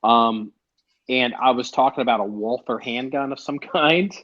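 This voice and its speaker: A man's voice: medium pitch, normal speed. A man hosting a podcast in casual chat, rambling, profane and often cutting himself off. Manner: rambling, profane, self-interrupting. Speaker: podcast host. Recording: dull lo-fi sound.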